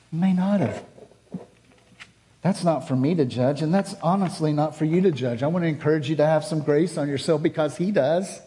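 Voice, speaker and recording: Male pastor, middle-aged, fairly high voice, earnest sermon storytelling that swings between fervent and hushed.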